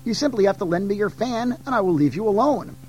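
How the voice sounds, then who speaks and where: A man's voice: high voice, lively intonation, fast, a little mellow, lo-fi sound, voice pushed up. A man voicing a boastful, cheeky male monkey trickster who teases and gloats. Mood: teasing. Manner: teasing, smug and playful.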